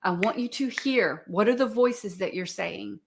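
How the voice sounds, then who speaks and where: A woman's voice: mid-range voice, unhurried, vocal fry, a little hiss or hum. A middle-aged woman coach leading a live-streamed talk, earnestly putting probing questions to her viewers.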